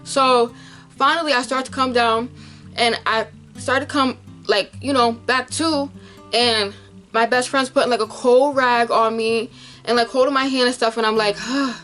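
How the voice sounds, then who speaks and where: A young woman vlogger, emotionally retelling a frightening medical episode in a casual, animated way to camera. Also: fairly high pitch, normal speed, soft background music.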